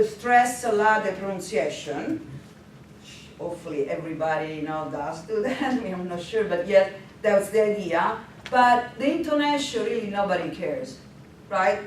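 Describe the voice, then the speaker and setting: A language instructor presents at a teaching workshop, lively and often laughing, with frequent hesitations. Her voice is mid-range, and the recording sounds very echoey and distant, with faint noise.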